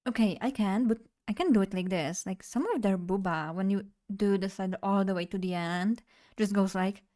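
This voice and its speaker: Talking straight to her chat on a live stream, a young woman keeps things casual, playful and loose. Her voice is mellow and sits at a middling pitch for a woman, neither high nor low.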